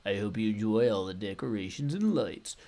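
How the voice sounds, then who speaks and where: A man putting on an impression of a friendly fellow gamer, delivering a holiday message slowly and loudly. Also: on the low side, animated, pitched below the performer's own voice. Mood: cheery. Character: friendly fellow player, cheery greeting.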